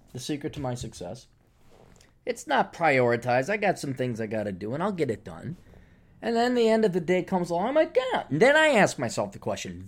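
Lively, sarcastic man ranting on a podcast. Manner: animated, mocking others in high put-on voices; swears casually, sarcastic. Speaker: podcast host. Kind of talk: casual solo podcast rant.

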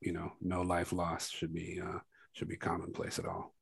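Deep, flat-voiced man, halting and reflective. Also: gravelly, husky, dry recording. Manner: reflective, halting, many fillers and restarts; grows softer and lower toward the end. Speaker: documentary filmmaker. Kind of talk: interview conversation.

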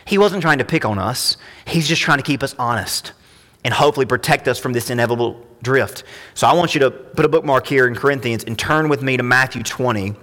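A man preaching a sermon as pastor, impassioned and climbing higher when he reads scripture. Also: a little fast, a bit bright. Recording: long hall reverb.

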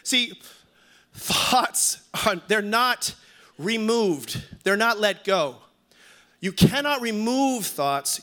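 A man's voice: high-pitched, animated, drawn-out words, pushed and bright. A man in his fifties preaching a sermon as a pastor, emphatic, repeating key lines and calling on the congregation to respond. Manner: repeats key lines for stress, some restarts.

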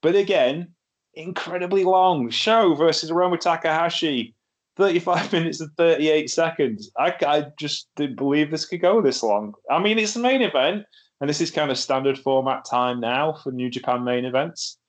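A man's voice: fairly high pitch, normal speed. A man hosting a casual wrestling review chat, laughing often and sounding wry. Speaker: podcast host.

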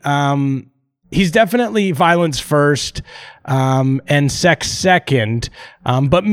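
Rambling, profane man hosting a podcast. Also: a little high. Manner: rambling, profane, jokey, with restarts. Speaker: podcast host. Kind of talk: casual podcast chat.

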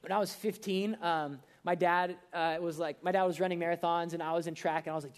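A young man preaching a sermon in a casual, conversational way, full of fillers and quick acted asides. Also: on the high side, steady tone, clear, resonant tone. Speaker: pastor.

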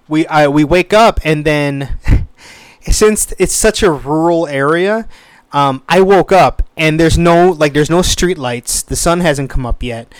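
A man in his thirties tells a story casually and with animation, swearing as he goes. His voice sits a little high and sounds smooth and resonant. The recording is dry and close, with no room sound. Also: dry recording. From United States. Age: 30s. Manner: animated, swears freely, acts out quoted voices.

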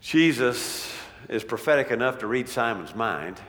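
A man preaching a sermon, swinging from loud declaiming to near-whispers. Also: mid-range voice, very animated, normal speed, hardly any pauses. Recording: long reverb of a large hall.

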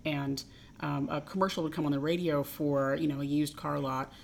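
A woman's voice: low voice, steady tone, moderate pace, creaky, a little hiss or hum. A woman from Tennessee with no regional accent, co-hosting a podcast in casual chat, rambling with fillers and asides. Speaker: podcast co-host.

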